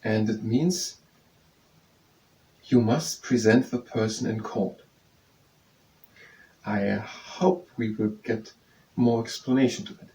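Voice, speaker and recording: Male tutor, mellow dark voice, slow repetitive explaining, slightly distant mic with faint noise. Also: lowish voice. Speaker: study tutor. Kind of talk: explaining lesson with yoga breaks.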